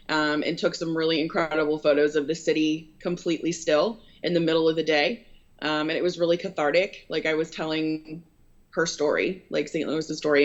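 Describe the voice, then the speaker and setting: A woman's voice: low-pitched, a bit bright. A woman who owns a photography business, telling her story in a casual interview in an earnest, rambling way with many fillers. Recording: dull lo-fi recording.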